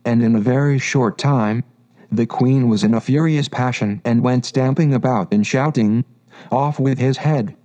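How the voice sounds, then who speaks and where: A man reading a storybook aloud in measured, steady narration. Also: mid-range voice. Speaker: audiobook narrator.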